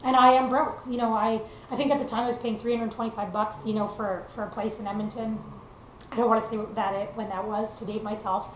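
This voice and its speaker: A woman's voice: fairly high pitch, little pitch movement, fast talker. A young woman from Canada, a country singer, giving an earnest, casual motivational talk with lots of fillers. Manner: earnest, conversational, many fillers. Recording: echoey room with faint noise.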